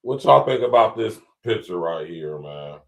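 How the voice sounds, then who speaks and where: A man's voice: lowish voice, very animated, moderate pace, creaky. A man with a Columbus, Ohio accent hosting a podcast, talking in a casual, laid-back way to his viewers and chuckling often. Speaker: podcast host. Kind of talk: casual commentary to a live audience.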